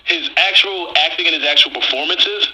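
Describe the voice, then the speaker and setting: New York man co-hosting, very bright tone, relaxed slangy delivery with emphatic punches. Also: fairly high pitch, a little fast, poor audio. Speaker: podcast co-host. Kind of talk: casual chat.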